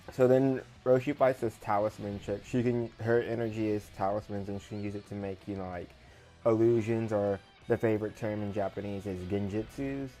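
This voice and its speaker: A man's voice: on the low side, dark tone, rough recording. A man casually recapping an anime episode for his video review, rambling with lots of fillers and paraphrased quotes.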